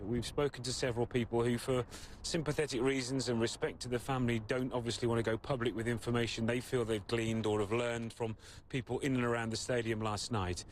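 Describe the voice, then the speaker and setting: Male field reporter, careful and hedging, outdoors, faint traffic behind. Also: medium pitch. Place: outdoors by a stadium car park.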